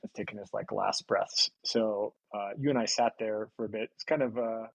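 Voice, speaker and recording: A man, a podcast guest, calmly recalling a hunting memory in casual conversation. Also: on the low side, moderate pace, vocal fry, husky, dry recording, low-quality recording.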